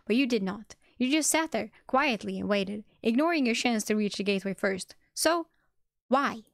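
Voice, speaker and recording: A woman voicing an angry young man who loudly accuses a rival in an audiobook reading. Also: a little high, lively intonation, normal speed, vocal fry, dry recording, clean studio sound. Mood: accusing. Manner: intense, accusing, loud.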